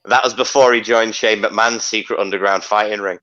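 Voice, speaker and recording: A man's voice: lowish voice, steady tone, brisk, sharp tone. A man co-hosting a live wrestling watch-along podcast, teasing the others with dry quips. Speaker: podcast co-host. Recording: lo-fi mic.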